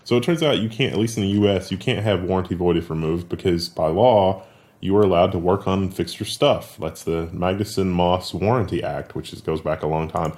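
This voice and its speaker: A man co-hosting a casual tech news show, talking quickly with frequent laughs and sarcastic asides. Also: sits low, a little mellow.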